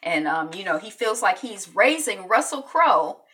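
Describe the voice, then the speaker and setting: A woman's voice: medium pitch, measured pace, far from the mic. A woman chattily recapping a TV episode, acting out the characters' lines. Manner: animated, acts out quotes, chatty. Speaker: show recap host. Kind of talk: casual TV recap.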